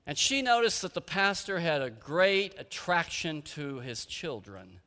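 A man's voice: a little high, expressive, normal speed, few pauses, pushed and bright. A man preaching a sermon as pastor, earnest and emphatic, with rhetorical questions, in a church sanctuary. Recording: echoey hall with long reverb.

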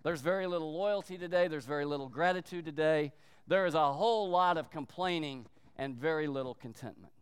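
High, clear-voiced man preaching a sermon. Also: long reverb tail. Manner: emphatic preaching, slowing down for weight, brief acted quotes. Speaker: pastor.

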